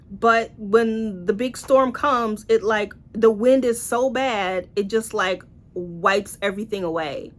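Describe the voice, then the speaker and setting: A woman's voice: a little high, measured pace. A woman, a teen librarian, giving a casual spoken book review in an exasperated, sarcastic tone, often acting out her own incredulous reactions. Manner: exasperated, sarcastic, acts out incredulous inner voices.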